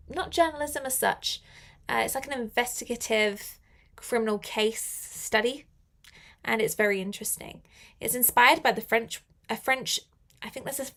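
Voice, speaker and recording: A woman's voice: a little high, gravelly, fairly bright tone. A young woman teaching an English lesson on a live stream, chatty and upbeat, laughing often.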